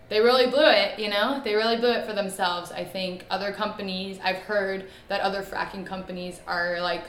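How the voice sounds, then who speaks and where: A woman, an activist telling her story in an interview with emphatic, animated delivery. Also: on the low side, roomy sound, slight background noise.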